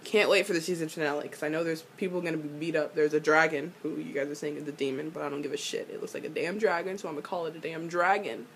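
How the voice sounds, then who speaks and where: A young woman casually recapping a TV episode, excitable, swearing freely and breaking into loud laughing rants. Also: low-pitched, fast talker, few pauses, a little hiss or hum.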